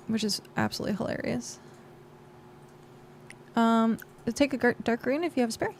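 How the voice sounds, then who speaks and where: Gravelly-voiced woman streamer chatting. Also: fairly high pitch, fairly quick, a little mellow, slight background noise. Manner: chatty and rambling, with frequent fillers. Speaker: game streamer. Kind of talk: casual livestream chat.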